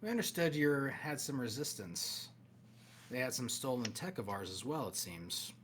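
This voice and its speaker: A man's voice: mid-range voice, sing-song, moderate pace, fairly bright tone, slight background noise. A man voicing a slick-haired corporate man overseeing a cargo handoff in a cyberpunk tabletop game, cool and businesslike.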